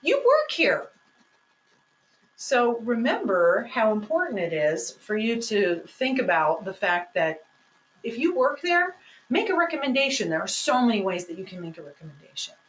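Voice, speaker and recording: A woman's voice: medium pitch, very animated, normal speed, a bit bright, poor audio. A woman giving a sales training presentation, coaching in an emphatic, instructive way.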